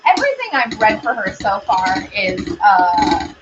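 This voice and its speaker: A woman's voice: mid-range voice, very animated, a little slow, dull audio, noisy background. A woman hosting a casual baking stream from a home kitchen, chatting with viewers as she mixes. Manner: chatty, rambling, talks to viewers and pets. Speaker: baking show host. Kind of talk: casual livestream chat while baking.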